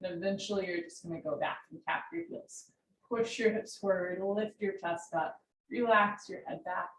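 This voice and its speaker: A woman guides a home yoga class, calling out postures in a calm, encouraging way and drifting into friendly chat between sets. Her voice sits at an ordinary middle pitch. The room around her sounds roomy, with a faint hum of ambience. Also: moderate pace. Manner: calm, encouraging cues with chatty asides. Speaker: yoga instructor. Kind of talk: live-streamed yoga class instruction.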